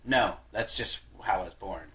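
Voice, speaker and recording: A man's voice: fairly low pitch, normal speed, a bit bright, poor audio. A man hosting a podcast in casual chat, rambling and self-deprecating, with frequent swearing and restarts. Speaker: podcast host.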